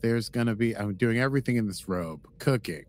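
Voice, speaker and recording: A man's voice: medium pitch, expressive, a little fast, darkish tone, faint music behind. A man co-hosting a podcast in casual, jokey, enthusiastic chat. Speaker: podcast co-host.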